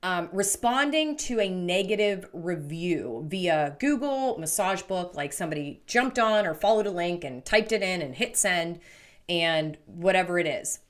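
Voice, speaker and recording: A woman's voice: fairly low pitch, lively intonation, measured pace. A woman co-hosting a business podcast in casual chat, talking loosely with lots of "like" fillers. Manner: chatty, frequent "like" fillers. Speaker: podcast co-host.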